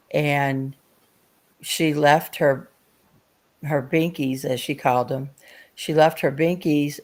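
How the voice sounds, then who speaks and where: A woman's voice: deep voice, gravelly, a little mellow. A woman, co-hosting a live auction and telling a folksy family story at an easy pace. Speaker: co-host of a live auction stream. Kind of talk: casual storytelling.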